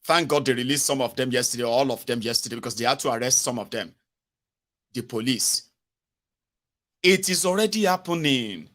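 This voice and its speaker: A man's voice: medium pitch, expressive, a little fast, long pauses, fairly bright tone. A Nigerian man with a Pidgin English accent, giving sarcastic, exasperated political commentary. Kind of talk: ranting video commentary.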